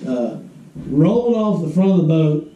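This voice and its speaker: A man tells fishing stories in a folksy, easygoing way and talks straight to the folks at home. His voice is dark and mellow and a little raised in pitch for a man. He sits back from the mic in an echoey room. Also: expressive, measured pace, distant mic, dull audio. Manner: folksy storytelling, drawling asides to listeners. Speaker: podcast co-host. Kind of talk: casual chat.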